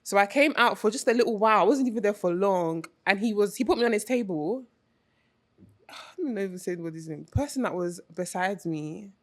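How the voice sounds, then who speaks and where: A woman co-hosting a casual podcast, telling relaxed anecdotes and dropping Nigerian slang into her talk. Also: mid-range voice, normal speed. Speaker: podcast co-host.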